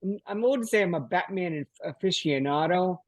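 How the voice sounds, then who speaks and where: A man's voice: sits high, expressive, normal speed, dry recording. An older man hosting a podcast interview over a video call, friendly and rambling with many fillers. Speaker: podcast host. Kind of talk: casual interview chat.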